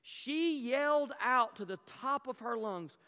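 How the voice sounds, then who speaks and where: A man's voice: very high-pitched, expressive, a little slow, bright, forceful tone, clear, resonant tone. A middle-aged man preaching a sermon in a church, telling a story and asking the congregation questions, often repeating his words. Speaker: pastor. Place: church hall. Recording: long hall reverb.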